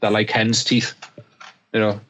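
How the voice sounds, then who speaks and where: Man, podcast co-host, casual chat, halting, repeats words, easygoing. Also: on the low side, monotone, a bit bright.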